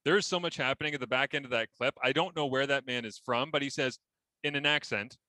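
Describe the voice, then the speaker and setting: Bright-voiced male sports talk host. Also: mid-range voice, dry recording, rough recording. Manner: chatty, quick to laugh and tell stories. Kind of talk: casual sports chat.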